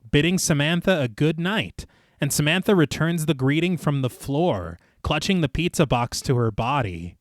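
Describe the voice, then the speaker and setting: Man, podcast co-host, animated plot recap, dry close mic. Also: on the high side, no room sound. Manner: narrates plot at length, lively.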